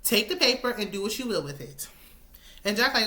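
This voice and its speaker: A woman, casually recapping a reality show with sassy, animated asides. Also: medium pitch, fairly quick. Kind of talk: casual chat.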